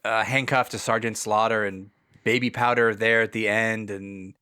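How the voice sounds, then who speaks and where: A man's voice: on the low side, steady tone, moderate pace, bright, forceful tone, clean tone. A man co-hosting a wrestling podcast, wry and rambling in casual chat. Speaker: podcast co-host.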